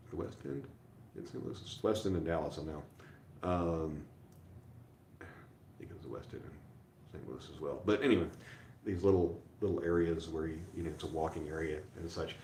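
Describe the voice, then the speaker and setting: A man's voice: rumbling low, a little mellow, echoey room, a little hiss or hum. A tired, sore middle-aged man chatting casually on a livestream from a hotel room, rambling and self-deprecating with lots of fillers. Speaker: livestream host. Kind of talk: casual rambling live chat.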